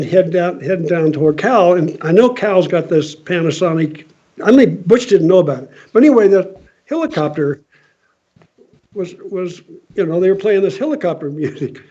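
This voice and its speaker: A man's voice: high voice, warm tone, slightly rough. An older man reminiscing and chuckling through a story at a panel, in casual chat. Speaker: honored guest. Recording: dull lo-fi audio.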